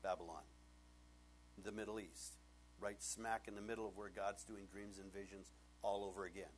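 A male pastor preaching a sermon, animated and laughing often, acting out bits of dialogue in changing voices. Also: lowish voice, moderate pace, slight background noise.

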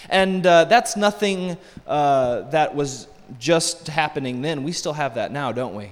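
A man's voice: fairly high pitch, lively intonation, a little slow, hardly any pauses. Man preaching in a reverberant church. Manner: conversational preaching with asides and rhetorical questions. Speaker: pastor. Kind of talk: sermon. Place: church sanctuary. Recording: long hall reverb.

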